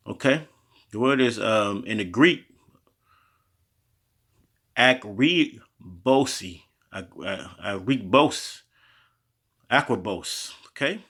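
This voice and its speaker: A man's voice: fairly low pitch, fairly bright tone, breathy edge. A man teaching scripture in a loose, slangy style, reading verses aloud and breaking in with his own asides. He often stumbles and restarts over hard words. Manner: halting over word pronunciations, restarting often. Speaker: street preacher teaching scripture. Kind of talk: informal Bible teaching.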